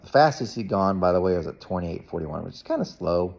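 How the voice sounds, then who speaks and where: Rambling dad telling a story. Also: male voice, a little fast, creaky. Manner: rambling, animated, jumps to a high voice when quoting himself. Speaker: parent vlogger. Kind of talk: casual storytelling.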